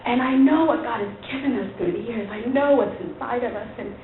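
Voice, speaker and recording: A woman, a pastor's wife, tells her church testimony to a women's group as an animated story, acting out the dialogue and laughing often. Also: on the high side, a little fast, a little hiss or hum. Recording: tinny, phone-like recording in an echoey hall.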